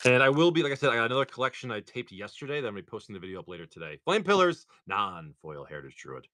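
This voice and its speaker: Lively, chatty male stream host. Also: mid-range voice, racing, slight background noise. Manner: chatty and excitable, talks straight to viewers. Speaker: live-stream card seller and host. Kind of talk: casual live-stream chat while opening packs.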